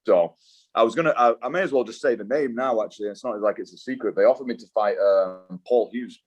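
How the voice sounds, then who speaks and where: A man's voice: fairly low pitch, quick pace. A young British man, a fighter, talking in a laid-back, slangy way as an interview guest, swearing and saying "dude" a lot. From Britain. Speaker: guest, mixed martial arts fighter. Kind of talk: casual interview chat.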